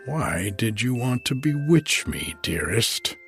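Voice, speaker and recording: A man voicing a gentle earnest king. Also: mid-range voice, sing-song, slow, vocal fry, exaggerated voice. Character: kind king, fond of hunting, man. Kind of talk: storybook reading. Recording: faint music behind.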